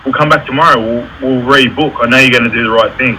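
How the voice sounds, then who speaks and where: Aussie electrician guy, bright voice, chatty and candid, bit of faint noise behind. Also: medium pitch, steady tone, quick pace, rough recording. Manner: candid, storytelling with reenacted quotes. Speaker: electrical contractor, guest. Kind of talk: casual interview talk.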